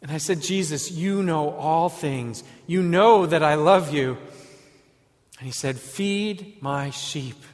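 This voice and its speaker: A man telling a first-person dramatic monologue as an apostle, moving between hushed reflection and eager storytelling. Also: on the high side, a little slow. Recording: echoey hall with long reverb.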